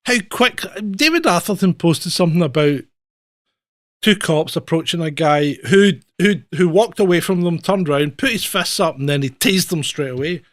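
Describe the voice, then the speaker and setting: His voice sits a little high and fairly bright, with no echo on the recording. A former police officer from Scotland, he co-hosts a laid-back talk show, spinning stories, laughing, and doing the voices of those he quotes.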